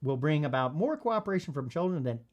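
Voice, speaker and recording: A male podcast host reads from a parenting book and comments on it in a blunt, casual way, swearing now and then. His pitch swings widely, rising high when he gets worked up and dropping low when he talks quietly. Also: fast, dull audio. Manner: animated, blunt, swears, acts out kids in high voices.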